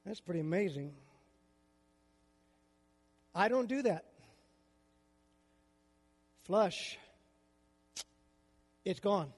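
A man's voice: sits high, expressive, drawn-out words, long pauses, husky, long reverb tail. An older man preaching a sermon as a pastor, with a conversational style full of rhetorical questions.

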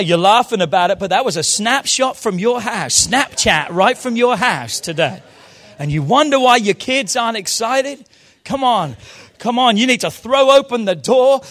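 High-voiced fervent man preaching. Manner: fervent preaching, swinging from low intimate asides to loud shouted calls. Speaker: pastor. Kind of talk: sermon. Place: church service.

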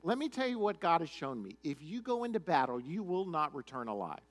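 A man preaching, putting on a blunt, sometimes sarcastic prophet who speaks lower and quieter. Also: sing-song, fairly quick.

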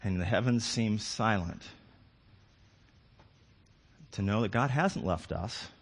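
An older man preaching a sermon with passion, moving from hushed reflection to loud pleading. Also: fairly low pitch, normal speed, creaky. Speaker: pastor.

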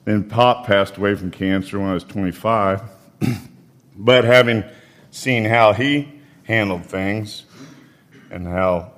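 A man in his fifties preaching a sermon, telling folksy personal stories in an unhurried way and reading scripture. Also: fairly low pitch, a bit bright. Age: 50s.

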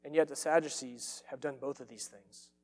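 A man's voice: medium pitch, steady tone, normal speed, darkish tone, big-room sound. A man preaching a sermon as pastor, earnest and emphatic, repeating phrases for stress.

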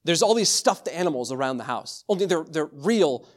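A young adult man preaching a sermon, telling family stories in an animated way with frequent restarts. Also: a little high, moderate pace. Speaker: pastor.

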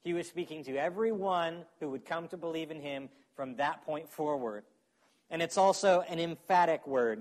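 A pastor delivers a sermon in a chatty, conversational style, frequently checking in with his audience. His voice sits on the higher side with a somewhat dark tone.

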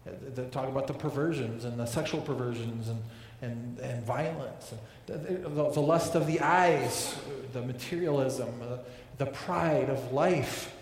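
A man's voice: medium pitch, a little mellow. A man preaching a sermon as pastor, earnest and prone to repeating words and restarting his sentences. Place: large church hall. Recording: echoey hall with long reverb.

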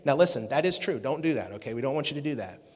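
A man preaching to a youth group, energetic and jokey, chatting with the crowd. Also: medium pitch, racing. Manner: energetic, jokey, talks with the audience. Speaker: youth pastor. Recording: long reverb of a hall.

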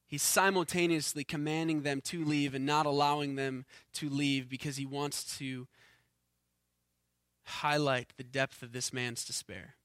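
A man preaching a sermon as pastor, earnest, rising to forceful emphasis and then dropping low and quiet, often repeating words as he restarts. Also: fairly even intonation, unhurried, dry recording, clean studio sound.

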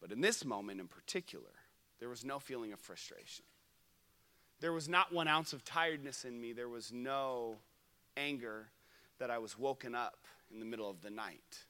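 A young man preaching a sermon at a camp, telling stories that swing from loud to hushed. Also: mid-range voice, animated, moderate pace, long reverb tail. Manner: storytelling, shifts from loud to hushed. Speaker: pastor. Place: camp meeting room.

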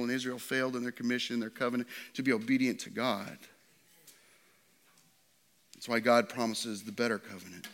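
A pastor preaching a sermon to his church, swinging from loud and excited to quiet and hushed. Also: a little high.

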